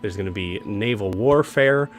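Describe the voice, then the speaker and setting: A man's voice: lowish voice, normal speed, soft background music. A man hosting a game stream, casually announcing campaigns and rambling with many filler words and restarts. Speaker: game master and show host.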